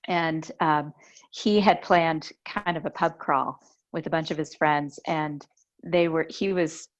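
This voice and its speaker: A woman's voice: sits low, takes it slowly, highs cut off, slight background noise. A woman podcast host chatting casually and telling a story, acting out the voices she quotes. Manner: lively storyteller who acts out quoted voices.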